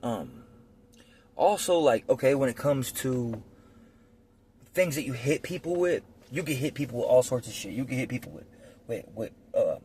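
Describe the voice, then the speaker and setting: Over a slight hiss or hum, a man with a warm, mid-range voice talks about life in prison in a casual monologue recorded on his phone. He rambles bluntly, swears a lot and fills his speech with fillers.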